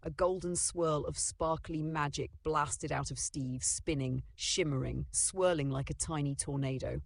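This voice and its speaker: A storyteller narrating a children's story in a lively, dramatic way. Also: mid-range voice, a little slow, gravelly, dry recording.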